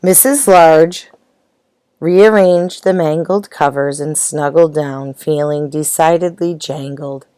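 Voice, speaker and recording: Woman storyteller, picture-book read-aloud, unhurried and expressive, low pitch. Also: dry recording. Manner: slow, gentle, expressive. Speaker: storybook reader.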